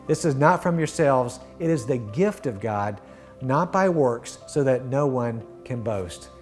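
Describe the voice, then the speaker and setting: A middle-aged man telling his personal faith testimony in an earnest, heartfelt way, often dropping to a soft hush at the end of a thought. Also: medium pitch, animated, a little slow, soft background music. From Florida. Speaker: guest sharing his testimony.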